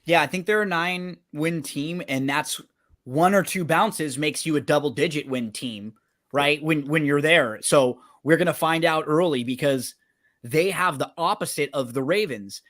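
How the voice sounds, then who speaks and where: A man's voice: a little high, normal speed, fairly bright tone. A man co-hosting a sports betting show, talking through teams and schedules in a conversational way and often checking in with his partner. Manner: conversational, checks in with tag questions. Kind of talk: casual sports betting analysis.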